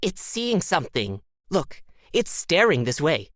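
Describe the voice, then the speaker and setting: A man's voice: on the high side, very animated, measured pace, a bit bright, no room sound, studio quality, pitched above the performer's own voice. A man voicing an unseen, disembodied voice running a glitching simulation, clipped and urgent. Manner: clipped, urgent technician talk. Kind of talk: audiobook character voice.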